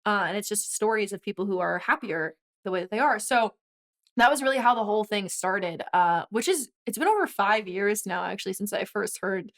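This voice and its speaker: A woman in her twenties, a guest and former college swimmer, telling a story in animated casual conversation with quick asides. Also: medium pitch. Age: 20s.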